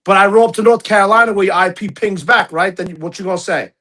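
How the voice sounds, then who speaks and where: A man's voice: high voice, fast, sharp tone. A middle-aged man hosting a podcast, talking bluntly and profanely in a heated, casual rant. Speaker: podcast host.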